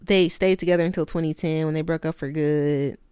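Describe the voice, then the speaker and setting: A woman's voice: deep voice, flat delivery, fast talker, dark tone, clean tone, no echo, clean studio sound. A young woman giving a sassy, emphatic casual commentary as she reviews a documentary.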